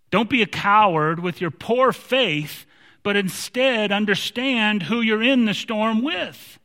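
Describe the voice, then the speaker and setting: A man's voice: sits high, takes it slowly, long pauses, bright, forceful tone, in a large hall. A man preaching a sermon in an emphatic way, sometimes repeating words as he restarts.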